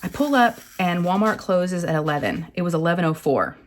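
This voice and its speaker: A woman, rambling and animated as she tells a story to camera. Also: fairly low pitch, a little fast, a little hiss or hum. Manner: chatty, rambling, animated retelling with acted quotes. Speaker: craft channel host.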